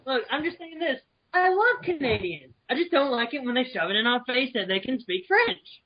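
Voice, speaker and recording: A man from the United States, a guest on a casual discussion over an online call, who is chatty and quick to give his opinion. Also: very high-pitched, sing-song, highs cut off. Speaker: guest panelist.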